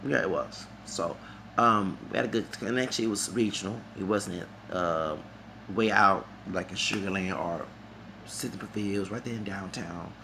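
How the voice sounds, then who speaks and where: A man's voice: low voice, normal speed, gravelly, background noise. A man reviewing a concert in a vlog, talking in a heated, rambling and profane way. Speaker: vlogger.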